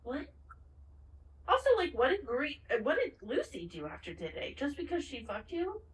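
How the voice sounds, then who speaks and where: A woman co-hosting a podcast in casual chat, retelling a TV finale with lively acted-out lines and plenty of swearing. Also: high-pitched, moderate pace, reverberant, far from the mic, low-quality recording. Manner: animated retelling, acts out the characters' lines, swears freely. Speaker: podcast co-host.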